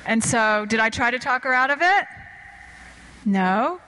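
Woman preacher, slightly high voice, emphatic sermon storytelling. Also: lively intonation, unhurried, bright, forceful tone, low-quality recording. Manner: emphatic, voice climbing high on key words.

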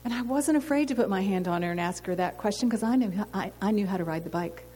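A woman's voice: medium pitch, fast, mellow, slightly rough. A woman giving an earnest sermon testimony to a women's gathering, telling a story and asking rhetorical questions. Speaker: women's ministry speaker. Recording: long hall reverb, faint noise.

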